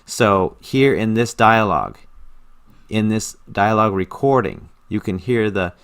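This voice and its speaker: A man with a somewhat low voice talks through his study routine in a casual screen-recorded tutorial. He sounds earnest and enthusiastic, often repeating words to stress a point. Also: animated, a little slow, fairly bright tone, clear, resonant tone. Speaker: language learner explaining his study method.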